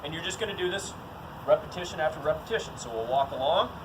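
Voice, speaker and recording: A man's voice: on the high side, lively intonation, fast talker, distant mic, background noise. A man teaching dog training in a casual, to-the-point way, often saying "all right" between steps. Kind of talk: casual outdoor training demo.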